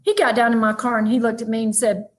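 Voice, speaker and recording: A woman giving a lively, emphatic motivational keynote, talking straight to her audience. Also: a little high, quick pace. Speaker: motivational speaker. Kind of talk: virtual keynote talk.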